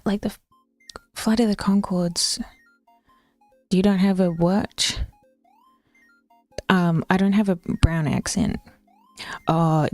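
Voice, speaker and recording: A young New woman talks loosely to her stream in a mid-pitched voice. She swears freely, laughs easily and often slips into a whisper. Soft music plays behind her. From New Zealand. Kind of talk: casual live-stream chat.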